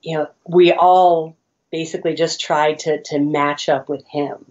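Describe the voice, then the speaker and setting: A woman horn player chats in lively, quick bursts and laughs a lot. The sound is dull and lo-fi. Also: low-pitched. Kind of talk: casual interview talk.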